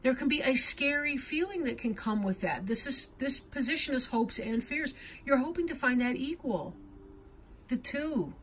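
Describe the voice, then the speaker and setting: This tarot reader has a high, expressive, slightly bright voice and speaks at normal speed over slight background noise. Delivering an intuitive reading to viewers, she's earnest and heartfelt, frequently tagging on "right?"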